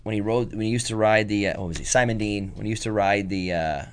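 A man's voice: on the low side, fast talker, smooth. A man, a guest on a talk show, telling stories in casual chat and acting out the people he quotes. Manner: animated storyteller, acts out quotes.

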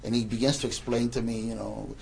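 A man's voice: medium pitch, steady tone, fast talker, creaky, a little mellow, husky. A man in his sixties casually telling a rambling anecdote, stammering and repeating words as he goes.

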